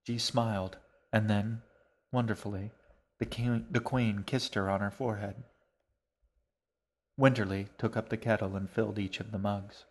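A man narrating a storybook in a calm, even reading voice. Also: lowish voice, moderate pace, pauses often.

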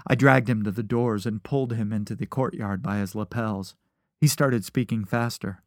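A man's voice: fairly low pitch, steady tone, normal speed, no echo. A man reading a first-person story aloud, with a dry, wry narrating manner.

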